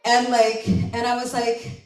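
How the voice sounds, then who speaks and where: A woman's voice: a little high, slow pace. Chatty woman telling a story live. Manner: chatty, animated, full of "like" and "right?", laughing often. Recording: roomy live recording from a distance.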